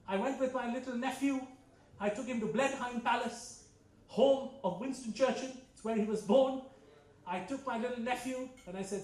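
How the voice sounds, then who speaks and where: A man's voice: very high-pitched, moderate pace, a little mellow. A man performing stand-up comedy, telling stories conversationally and slipping into character voices. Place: club hall with live audience. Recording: echoey hall, heard from a distance.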